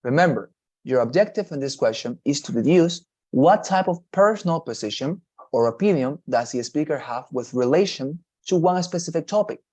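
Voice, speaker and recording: Teacher guy, kinda high voice, keeps saying okay? right?. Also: expressive, normal speed, darkish tone. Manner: repetitive, checks in with "okay?" and "right?". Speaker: English test-prep teacher. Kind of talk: online class explanation.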